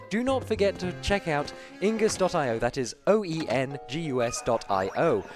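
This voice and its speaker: An upbeat man hosts a live gaming marathon and announces incentives and upcoming events. His voice sits high for a man, and faint music plays behind him. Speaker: marathon host.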